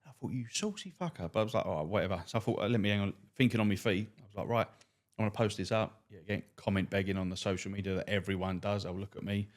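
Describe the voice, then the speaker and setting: Blunt, swearing cabbie. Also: male voice, low voice, very fast. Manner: blunt, profane, deadpan storyteller. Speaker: cab driver and stand-up comic guest. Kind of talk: swearing anecdotal storytelling.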